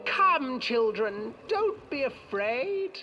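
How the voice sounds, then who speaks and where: A man voicing a wheedling, cruel old witch in a high, drawn-out falsetto, over game music. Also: very animated, pushed and bright, dull audio, exaggerated voice. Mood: coaxing. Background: eerie game music.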